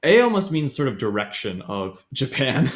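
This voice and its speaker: A man's voice: mid-range voice, big pitch swings, moderate pace. A man co-hosting a casual podcast, explaining grammar in a loose, rambling way with many fillers, self-corrections and frequent laughs. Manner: laughs often.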